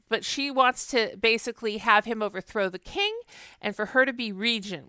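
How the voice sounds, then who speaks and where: A woman's voice: mid-range voice, pushed and bright, clean tone, dry recording, clean studio sound. A woman giving a chatty, wry lecture on medieval literature, with frequent fillers. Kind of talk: casual recorded lecture.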